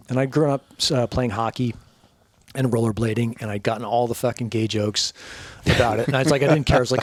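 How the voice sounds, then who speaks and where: A man in his forties telling a wild story as a podcast guest. His speech is loose and full of swearing, and laughter breaks in often. He slips into the voices of the people he quotes, and his pitch sits mid-range. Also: steady tone, brisk. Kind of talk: casual storytelling.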